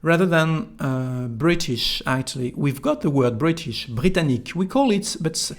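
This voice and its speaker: A man from France with a slightly high, lively voice teaches an online French lesson in English at normal speed. His French accent comes through as he carefully explains each word and models phrases for the listener to repeat.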